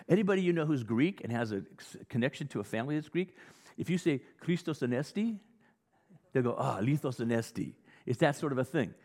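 A male pastor preaching a sermon in a conversational, animated teaching style with frequent restarts. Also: a little high. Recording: long hall reverb.

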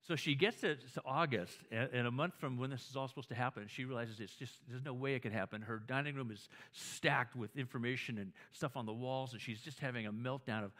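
A man with a mid-range, slightly bright voice preaches a conversational sermon at a brisk clip with few pauses. He tells stories, keeps restarting and repeating his words, and asks the audience whether they agree.

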